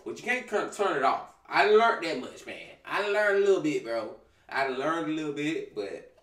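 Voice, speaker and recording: A young man narrates his game in a slow, cursing drawl, hyping himself up and jumping from low mutters to loud yelps. His pitch swings widely. He sits a little back from the mic in a roomy space with faint game music behind him. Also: far from the mic. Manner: profane, hypes himself up, gets jumpy and loud. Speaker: gaming streamer. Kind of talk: casual let's-play commentary.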